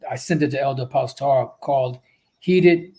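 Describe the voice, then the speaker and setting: A man's voice: mid-range voice, normal speed, mellow. A man preaching and teaching scripture in a rambling, repetitive way, with profane asides and many "you know" fillers. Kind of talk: livestream religious teaching.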